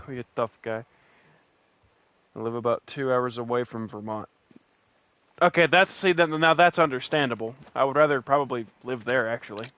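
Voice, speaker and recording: A man's voice: mid-range voice, a little fast, fairly bright tone. A man from West Virginia with a West Virginian accent, giving rambling, joking commentary while he streams a hunting game. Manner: rambling, joking, many restarts. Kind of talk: casual gameplay commentary.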